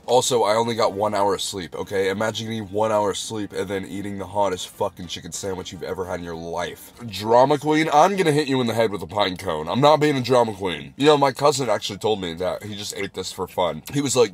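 Young guy on a live stream, kinda low voice, swears a ton, yells then groans all dramatic. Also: lively intonation, fairly quick, few pauses. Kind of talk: live-stream chat while eating spicy food.

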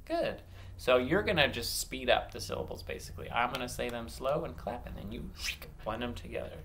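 A man teaching an online phonics lesson to young children, upbeat and encouraging, stretching words out slowly. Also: mid-range voice, wildly swooping pitch, gravelly, background noise. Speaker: early elementary teacher.

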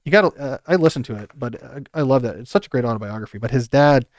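A man hosting a podcast, giving animated advice with playful joking asides. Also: mid-range voice, fast talker, dry recording, clean studio sound. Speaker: podcast host.

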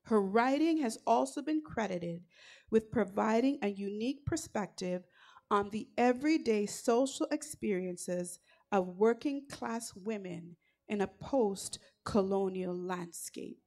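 A woman leading worship at a church service, speaking deliberately with fervent calls to praise. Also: medium pitch, animated, darkish tone. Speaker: worship leader.

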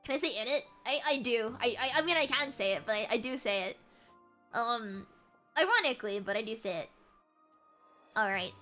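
Giggly american girl streaming a game, high lively voice, rambles and laughs at herself. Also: moderate pace, long pauses, faint music behind. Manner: giggly, rambling, self-mocking. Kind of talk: casual game stream chat.

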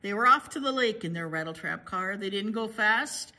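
A woman's voice: medium pitch, expressive, normal speed, creaky, few pauses, sharp tone. A woman hosting a library storytime, reading a picture book aloud to children with playful sound effects.

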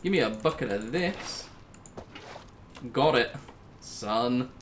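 A man giving casual, jokey commentary as he plays a video game, talking himself through it and breaking into high squeals when something startles him. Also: lively intonation, slow, a little hiss or hum. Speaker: gaming YouTuber.

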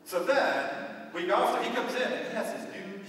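A man's voice: sits high, normal speed, a bit bright, slight background noise. A man with a Dutch accent giving a conference talk in a lecture hall. He speaks in a conversational, wry way and keeps checking in with the audience. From Netherlands. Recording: echoey hall, voice from far off.

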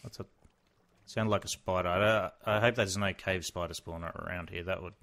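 An excitable young man talks through his gameplay in a loose, casual way. His voice sits a little low, and he swings between quiet muttering and sudden shouts of surprise. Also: brisk. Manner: excitable, exclaims and mutters to himself while playing. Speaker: Let's Play host.

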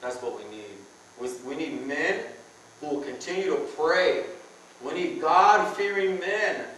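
A man preaching to a room of men in an earnest, conversational tone, hammering home phrases by repeating them. His voice sits a little high for a man. It was recorded from a distance in a very echoey church hall. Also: lively intonation, a little slow, fairly bright tone, slight background noise. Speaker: preacher at a men's conference. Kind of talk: sermon. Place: church hall with a live audience.

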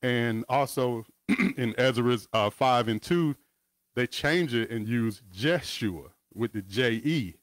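A man leads a Bible teaching over a video call, mixing scripture readings with relaxed, chatty asides. His voice sits at an everyday middle pitch. The sound is dry and close, with no room echo. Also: slow pace. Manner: casual, asides and chuckles between scripture readings.

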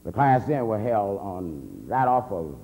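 Male minister, convention testimony, wildly animated pitch, echoing hall, faint hum. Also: measured pace. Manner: storytelling, swings from low murmur to shouting.

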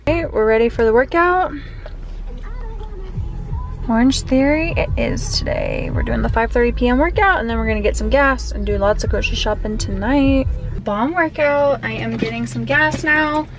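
A woman's voice: a little high, moderate pace, music in the background. A young woman vlogger talking casually through her day, chatty and saying "y'all" often. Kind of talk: casual vlog chat.

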